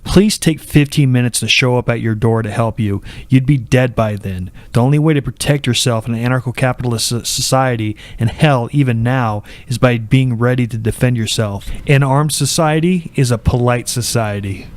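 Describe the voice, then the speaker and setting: A man's voice: mid-range voice, a little fast, hardly any pauses, no echo. A man giving satirical video commentary in a mock-earnest, sarcastic delivery. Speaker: video essayist.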